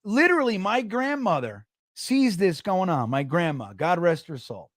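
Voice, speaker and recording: Jersey dude hosting a sports stream, loud and jumpy, laughs constantly, high voice bouncing all over, dry mic. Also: male voice, moderate pace, no room sound. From New Jersey. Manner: loud, excitable storyteller, laughs often. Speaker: podcast host. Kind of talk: casual livestream chat.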